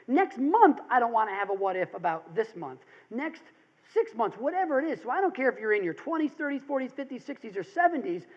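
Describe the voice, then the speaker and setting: A man in his thirties giving a motivational seminar talk, telling a story with energetic, emphatic rises. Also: very high-pitched. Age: 30s. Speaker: seminar speaker. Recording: dull lo-fi recording.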